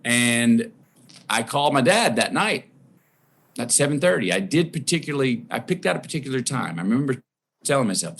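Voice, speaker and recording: Animated Texan man telling stories. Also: medium pitch, moderate pace, pauses often. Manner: animated storyteller, acts out quoted voices. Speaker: guest. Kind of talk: storytelling in a podcast interview.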